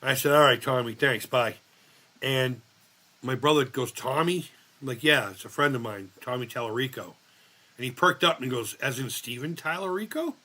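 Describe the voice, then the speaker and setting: A man's voice: mid-range voice, moderate pace, pushed and bright. A middle-aged man, hosting a casual live chat and telling rambling, profane stories while reading chat aloud. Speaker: livestream host.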